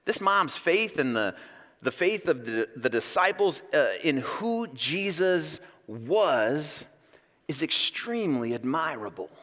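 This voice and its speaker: Male pastor, sermon, bright high voice, jokey and animated, in a reverberant church hall. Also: slow. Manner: animated, joking storyteller.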